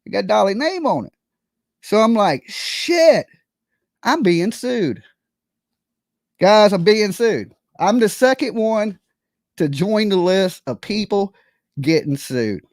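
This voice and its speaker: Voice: mid-range voice, expressive, slow, long pauses, no echo, studio quality. A live streamer telling a comedic story, acting out scenes with buzzing noises and quoted voices, and checking in often with "right?" and "okay?".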